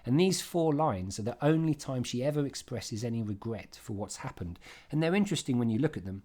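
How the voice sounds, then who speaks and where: A man giving an informal, emphatic revision lesson on a play, with quick asides and restarts. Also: mid-range voice, expressive, mellow. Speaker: English literature teacher.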